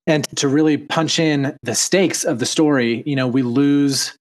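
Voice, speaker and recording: A man's voice: fairly high pitch, measured pace. A man from Utah chatting casually as a podcast co-host, rambling with fillers and restarts. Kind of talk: casual TV recap chat.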